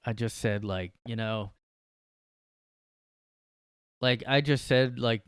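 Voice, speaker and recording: Recording in his bedroom, a solo podcast host rambles sarcastically with frequent "like"s. He has a mid-range, clean-toned voice at normal speed, with clean studio sound and no room echo.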